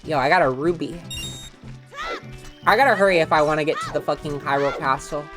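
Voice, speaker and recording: A woman's voice: low-pitched, brisk, music in the background. A woman casually chatting and swearing while streaming a video game, rambling with frequent laughs.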